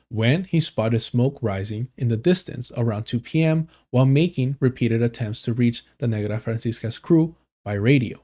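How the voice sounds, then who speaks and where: A man's voice: mid-range voice, warm tone. A man streaming live, reading an article aloud and commenting casually, swearing and stumbling over names.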